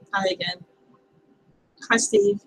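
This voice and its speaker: A woman hosting a livestream on non-duality, speaking softly and laughing often between chatty asides. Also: medium pitch, steady tone, drawn-out words, low-quality recording. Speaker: spiritual teacher.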